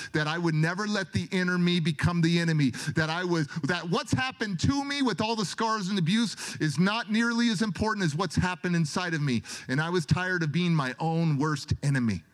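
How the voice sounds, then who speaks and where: A man giving a dramatic, emotional motivational talk, telling a personal story with big swings from loud to soft. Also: a little high. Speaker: motivational speaker.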